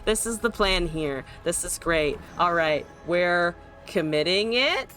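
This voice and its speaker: A woman's voice: lowish voice, lively intonation, slow pace, a bit bright, faint music behind. A young woman streaming a card game, chatting casually, talking to her opponent, laughing and swearing often. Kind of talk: live gameplay commentary.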